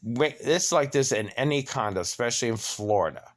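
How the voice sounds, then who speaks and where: A man in his fifties tells a grievance story straight to camera, his voice sitting at an ordinary middle pitch. He swears freely and grows more worked up as he acts out both sides of the quarrel. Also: lively intonation, fairly quick. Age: 50s. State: limping, needs knee replaced. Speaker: vlogger. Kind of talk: angry personal rant.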